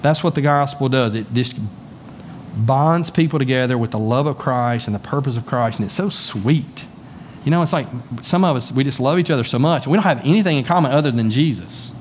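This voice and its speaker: A man's voice: medium pitch, a little fast, slight background noise. A man with a Southern US accent preaching a sermon as pastor, folksy and conversational, often repeating words as he goes. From Southern United States. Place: church sanctuary.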